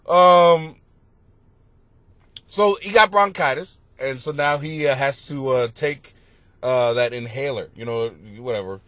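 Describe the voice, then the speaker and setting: A middle-aged male comedian telling rambling, profane stories on his podcast, bursting into loud exclamations. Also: medium pitch, measured pace, no room sound. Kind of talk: comedic storytelling monologue. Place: basement at home.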